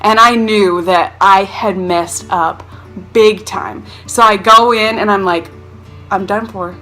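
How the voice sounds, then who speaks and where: A young woman vlogger telling funny childhood stories in a casual, chatty way. She is animated and pokes fun at herself, slipping into the voices of the people in her stories. Her voice is bright and forward, and soft music plays faintly behind her. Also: medium pitch, slow pace. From North Carolina. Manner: animated, self-mocking, acts out quotes. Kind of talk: casual storytelling to camera.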